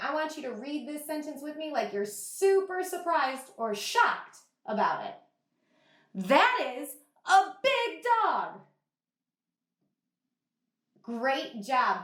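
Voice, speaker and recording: A woman teacher giving an online reading lesson to young children, sounding out words slowly and praising the class. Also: high-pitched, a bit bright, roomy sound. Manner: slow, exaggerated sounding out of words. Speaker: kindergarten teacher.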